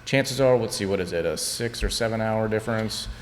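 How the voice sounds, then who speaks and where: A man's voice: on the low side, fairly quick. Joking podcast co-host man, reverberant room. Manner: joking, upbeat presenter. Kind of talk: casual chat.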